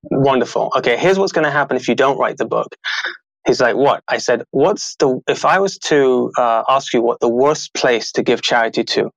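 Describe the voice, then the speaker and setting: Male podcast guest, 30s, animated storyteller who does the voices, mid pitch, dry close sound. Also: moderate pace, creaky, no echo, highs cut off. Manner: animated, acts out quoted voices, laughs often. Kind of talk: casual interview storytelling.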